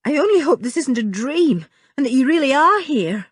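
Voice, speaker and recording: A woman's voice: high-pitched, big pitch swings, normal speed, no echo, clean studio sound, voice pushed up. A woman reading an audiobook, voicing a plucky young boy with an injured ankle who tells his story earnestly.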